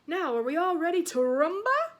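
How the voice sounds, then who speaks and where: A woman's voice: very high-pitched, sing-song, moderate pace, fairly bright tone, voice pushed up, heavily acted. A woman voicing a smarmy male dancing heartthrob host with a purring Italian accent. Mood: showy. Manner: purring, showy.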